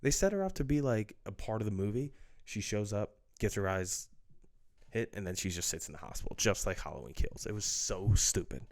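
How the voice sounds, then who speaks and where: Male movie reviewer, low voice, casual and profane, loose and filler-heavy. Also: animated, brisk, a little mellow. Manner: blunt, profane, full of fillers. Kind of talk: casual ranting film review.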